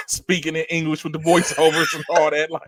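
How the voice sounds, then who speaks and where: A man co-hosting a podcast in casual chat, animated and slangy, laughing often. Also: on the high side, brisk. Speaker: podcast co-host.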